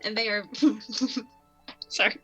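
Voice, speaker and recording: A woman's voice: on the high side, fairly even intonation, very slow, sharp tone, slightly rough. A woman playing in a tabletop game, joking and teasing during casual banter. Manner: jokey, teasing. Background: background music.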